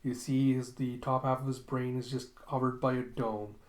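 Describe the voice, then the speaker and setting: A man's voice: mid-range voice, little pitch movement, moderate pace, a little mellow, echoey room. A man casually narrating a comic recap as host, chatty and laughing often. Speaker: comic read-along host.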